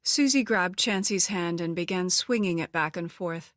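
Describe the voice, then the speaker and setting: A woman reading a novel aloud as an audiobook narrator, in an even, measured storytelling voice. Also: fairly low pitch, no room sound, clean studio sound. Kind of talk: scripted narration.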